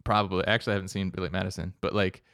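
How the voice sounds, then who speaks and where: A man co-hosting a podcast in casual chat, excitable and swearing freely. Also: deep voice, rapid-fire, vocal fry, no room sound, studio quality. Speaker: podcast co-host.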